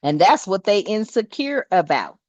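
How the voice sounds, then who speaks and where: A woman giving a casual tarot reading indoors, talking in an animated, slangy and profane way, often breaking into laughter. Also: medium pitch, moderate pace, no echo. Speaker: tarot reader. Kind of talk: casual spiritual reading monologue. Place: indoors, room with air conditioner. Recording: dull, dry lo-fi sound.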